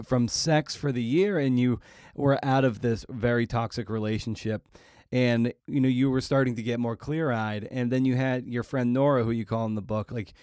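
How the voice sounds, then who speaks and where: A man's voice: mid-range voice, a little mellow, clean tone, no echo, clean studio sound. A man hosting a podcast interview, asking long, winding questions full of restarts. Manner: rambling questions with restarts, laughs along. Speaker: podcast host.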